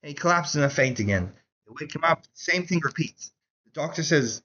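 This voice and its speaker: A man teaching a Chassidus class in a casual, animated storytelling way, saying "like" often. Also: a little high, fairly quick, highs cut off. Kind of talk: Torah class lecture with storytelling.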